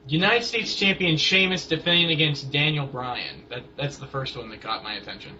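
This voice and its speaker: A man's voice: on the high side, sharp tone. Rambling young man, lo-fi recording. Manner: rambling, halting with many fillers and restarts. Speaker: co-host of a wrestling blog. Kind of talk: casual chat about wrestling. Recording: dull lo-fi home recording with faint hiss.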